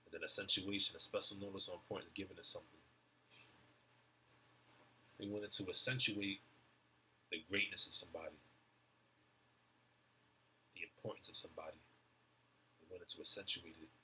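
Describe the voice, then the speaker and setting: A young man in a rambling stream-of-consciousness monologue, halting and repeating words as he muses over word definitions. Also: deep voice, steady tone, pushed and bright, a little hiss or hum. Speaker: vlogger.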